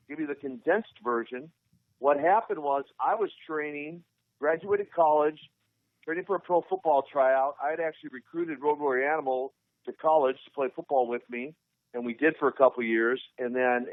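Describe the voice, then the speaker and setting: A man's voice: mid-range voice, dry recording. Man in his fifties on a phone line. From Minnesota, USA. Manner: animated storyteller who acts out dialogue. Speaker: interview guest, former pro wrestler. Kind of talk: storytelling on a podcast interview. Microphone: phone call.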